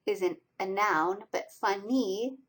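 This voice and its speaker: A woman teaching college reading skills over slides, explaining pronunciation and stressing each syllable with slow, deliberate enunciation. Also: mid-range voice, slightly rough, low-quality recording. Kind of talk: recorded lecture over slides.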